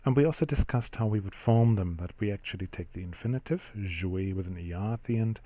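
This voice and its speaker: Mellow-voiced man teaching French grammar. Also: fairly low pitch, brisk, dry recording. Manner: explanatory, steady, with frequent ums. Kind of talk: classroom-style grammar lesson.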